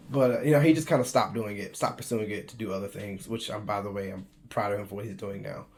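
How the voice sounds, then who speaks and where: A twentysomething American man vlogs casually about his own life, chatty and quick to laugh, often restarting his sentences. His voice sits in the mid-range with a darkish tone.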